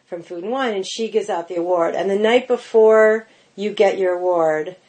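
A middle-aged woman chatting as a podcast guest, spinning animated anecdotes packed with "like" and "you know". Her voice sits at an ordinary pitch for a woman and moves easily between quick asides and slower emphasis. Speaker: pastry chef, podcast guest. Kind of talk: casual interview storytelling.

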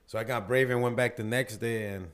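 A man's voice: medium pitch, steady tone, brisk, fairly bright tone. A young man telling rowdy stories in a casual chat, full of slang and swearing. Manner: profane, slangy, says bro a lot.

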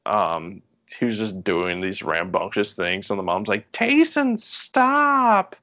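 A man in his twenties, a podcast guest, telling stories in a relaxed, rambling way with frequent laughs. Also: low-pitched, a little slow, dry recording, dull audio. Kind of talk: casual storytelling chat.

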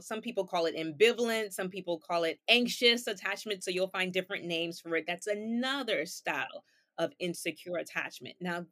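A woman's voice: on the low side, fairly bright tone. A woman therapist, a guest on an interview podcast, patiently explaining ideas with everyday examples and rhetorical questions.

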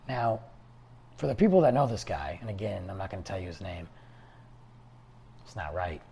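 Husky man talking casually. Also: lowish voice, fairly quick, long pauses, dark tone. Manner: rambling, conversational storytelling. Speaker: podcast host. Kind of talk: casual solo talk.

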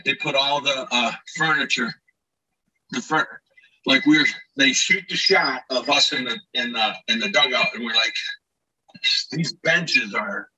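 Bright-voiced man telling animated stories. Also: medium pitch, moderate pace, slightly rough, recorded from a distance, rough recording. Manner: animated, acts out shouted quotes, many restarts. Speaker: guest, former ballplayer telling stories. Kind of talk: casual storytelling interview.

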